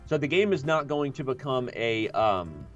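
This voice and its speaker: Animated man commentating chess. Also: medium pitch, moderate pace, muffled recording, faint music behind. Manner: animated, joking, thinks aloud with restarts. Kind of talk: live-stream chess commentary.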